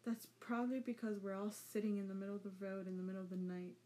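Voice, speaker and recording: A woman's voice: mid-range voice, flat delivery, measured pace, mellow, close to an everyday voice. Naruto, a woman voicing a cheeky boy ninja. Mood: sarcastic. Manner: teasing, sarcastic.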